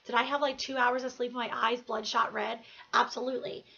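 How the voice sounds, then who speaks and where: High, bright-voiced woman giving a pep talk. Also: level tone, brisk, vocal fry, lo-fi sound, slight background noise. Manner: earnest, emphatic, repeats phrases for emphasis. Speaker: motivational speaker. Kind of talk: motivational talk to camera.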